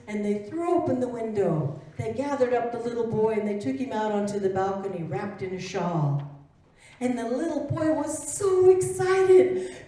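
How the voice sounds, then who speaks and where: A woman storyteller narrating a children's tale live, gentle and expressive, with a slightly high voice. She is far from the mic in a very echoey performance hall. Her pace is very slow. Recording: roomy echo from a distant mic.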